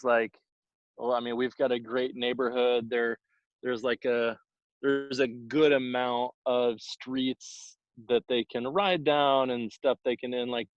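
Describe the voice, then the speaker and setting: A man in his thirties from Houston, a high school teacher co-hosting a casual unscripted chat, rambling with lots of "like" and "I mean". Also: no room sound, dull audio. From Houston, Texas. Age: 30s. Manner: rambling, many "like" and "I mean" fillers.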